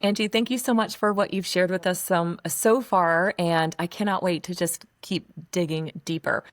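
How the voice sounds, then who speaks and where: A woman's voice: on the low side, steady tone, normal speed, no echo, studio quality. A woman hosting a podcast interview, earnest and affirming toward her guest, also reading a sponsor spot. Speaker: podcast host.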